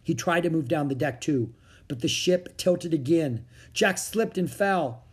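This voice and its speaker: A reader narrating a children's book in a steady storytelling manner. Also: medium pitch, a little slow, breathy edge. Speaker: audiobook reader.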